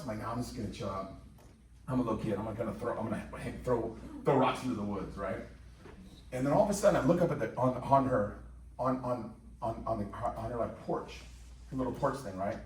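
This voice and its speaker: This Indiana man talks fast in a mid-range voice over slight background noise, cracking jokes through a sales presentation and often asking the live audience questions. The sound is distant and echoey, taken in a company office meeting room.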